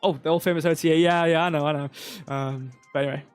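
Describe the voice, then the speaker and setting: Male stream host, a bit high-pitched, loose and chatty, thinks aloud over charts. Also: steady tone, fast talker, clean tone, faint music behind. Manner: rambling, filler-heavy, thinking aloud. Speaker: crypto livestream host. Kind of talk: casual live chart commentary.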